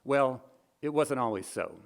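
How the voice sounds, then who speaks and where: A man hosting an award show with comic, self-mocking, deadpan patter. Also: medium pitch, unhurried, gravelly.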